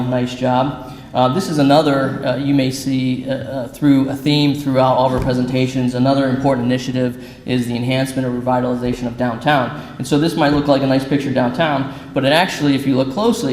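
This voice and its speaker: A man's voice: mid-range voice, a little hiss or hum. Male official, plain and joking, echoey hall with long reverb. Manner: lightly joking, plain-spoken. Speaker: city service director. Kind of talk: public address. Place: large hall.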